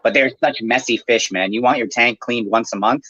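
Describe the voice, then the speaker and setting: A man's voice: mid-range voice, fairly quick, bright, forceful tone, slightly rough, no room sound, lo-fi sound. A man who runs an aquarium maintenance business, chatting casually and explaining at length with plenty of fillers. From Canada. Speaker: aquarium maintenance service owner. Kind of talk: casual podcast chat.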